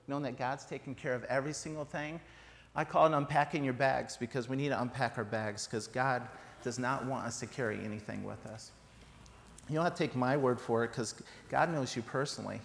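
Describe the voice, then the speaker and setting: A man's voice: mid-range voice, creaky. Chatty joking man preaching in hall. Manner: chatty, joking, with fillers and restarts. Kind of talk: informal sermon. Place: church sanctuary. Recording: reverberant church hall, faint background noise.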